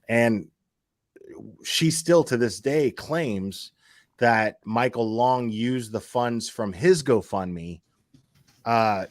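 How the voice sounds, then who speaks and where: A man's voice: medium pitch, dry recording, studio quality. A man hosting a casual chat, venting heatedly and swearing often, repeating himself as he talks. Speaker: YouTube channel host.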